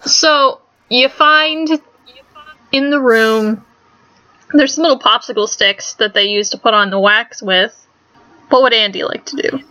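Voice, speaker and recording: A woman game master with a bright, slightly high voice, narrating scenes and teasing her players dryly. The sound is dry and a little dull, like a modest home mic. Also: normal speed, dry recording.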